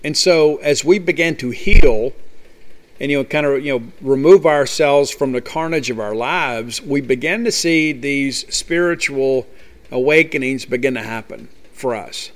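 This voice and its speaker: A man's voice: medium pitch, measured pace. A man hosting a podcast, talking earnestly and conversationally about his recovery with frequent fillers. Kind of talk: personal recovery talk.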